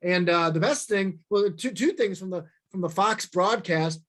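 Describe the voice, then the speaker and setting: High-voiced man telling a sports story. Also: moderate pace. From St. Louis, USA. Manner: animated, acts out quoted lines in bursts; self-deprecating asides. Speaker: sportswriter giving a talk. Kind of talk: storytelling talk.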